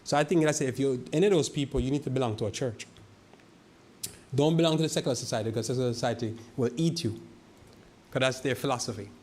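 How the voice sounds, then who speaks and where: A male pastor giving a sermon, reading scripture slowly and asking the congregation rhetorical questions, often repeating and restarting words. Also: medium pitch, a little mellow, slight background noise. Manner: preaches with rhetorical questions and slow scripture quoting.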